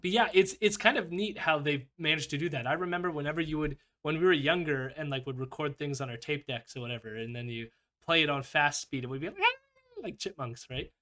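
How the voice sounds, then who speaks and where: Male host, loose rambling talker, a touch high-voiced. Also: fast, hardly any pauses, pushed and bright. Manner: loose, rambling, peppered with "like" and laughs. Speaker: podcast host. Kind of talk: casual chat.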